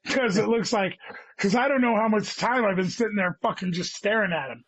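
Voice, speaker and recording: A man's voice: high voice, fairly quick, a bit bright. A man in his thirties, a guest comedian, rambling through a story and saying "dude" a lot. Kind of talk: casual chat.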